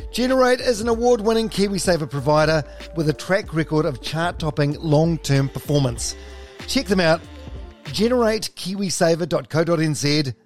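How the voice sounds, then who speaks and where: A man hosting a podcast in a chatty, jokey way. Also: fairly high pitch. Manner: chatty, jokey, quick to laugh. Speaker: podcast host.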